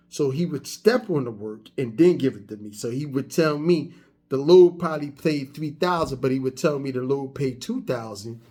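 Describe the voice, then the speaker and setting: A man's voice: fairly high pitch, darkish tone, breathy edge. A man in his fifties giving a casual motivational monologue, telling stories in a conversational way with frequent restarts. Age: 50s. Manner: conversational storytelling, repetitive restarts. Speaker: vlogger.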